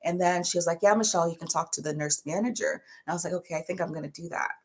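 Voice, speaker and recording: A young woman casually telling a work story to her viewers, chatty and animated as she acts out what people said. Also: lowish voice, racing. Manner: chatty, animated retelling with quoted voices. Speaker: vlogger.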